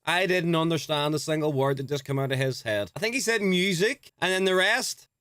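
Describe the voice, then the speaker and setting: A man's voice: fairly high pitch, animated, fairly quick, a bit bright, clear, resonant tone, dry recording, clean studio sound. A man talking casually as a streamer, reacting to clips with playful, swearing asides.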